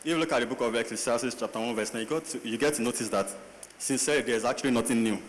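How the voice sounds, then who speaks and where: A man speaks fast and earnestly on a panel, preaching-style and quoting scripture. His voice carries long reverb in a large hall with faint ambience behind. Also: mid-range voice, slight background noise.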